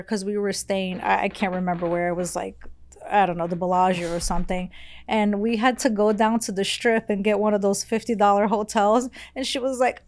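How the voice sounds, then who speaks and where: A Brazilian woman with a mid-range voice speaks in a level tone at a moderate pace. She's a podcast guest telling her story in a casual interview, candid and rambling, with lots of "like"s and blunt swearing.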